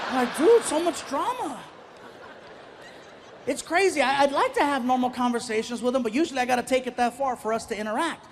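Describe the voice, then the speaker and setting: Stand-up comic, man in his forties, strikingly high voice, animated and punchy, live stage with a faint hum. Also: racing, hardly any pauses. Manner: animated, punchy, acts out characters. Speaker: stand-up comedian. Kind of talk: stand-up comedy storytelling. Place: stage before a live audience.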